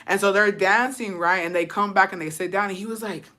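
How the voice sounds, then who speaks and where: Bright-voiced Texan woman telling stories. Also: mid-range voice, fairly even intonation. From Texas. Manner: profane, switches into Spanish, quick laughs. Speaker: streamer. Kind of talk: casual storytelling to a live chat.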